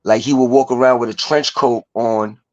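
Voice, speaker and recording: A man sharing his story as a guest, halting and searching for words. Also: medium pitch, steady tone, darkish tone, no echo. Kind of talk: emotional personal sharing. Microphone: video call. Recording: dull, dry video-call audio.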